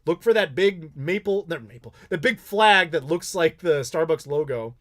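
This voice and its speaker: A man's voice: a little high, moderate pace. American man telling rambling stories. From Chicago, United States. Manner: rambling, animated storytelling with laughs and swearing. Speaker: YouTube host answering live questions. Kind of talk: casual live chat.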